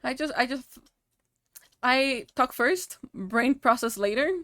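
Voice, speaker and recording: A woman live-streaming and chatting casually to her viewers, emotional and quick to laugh, swearing freely. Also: high-pitched, fairly bright tone, no room sound. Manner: talks to her chat directly. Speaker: livestream host.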